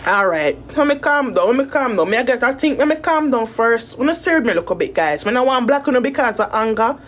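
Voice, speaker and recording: A woman's voice: on the high side, lively intonation, fairly quick. A Jamaican woman talking straight to her viewers in a rambling, emotional rant full of swearing. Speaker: content creator. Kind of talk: casual talk to camera.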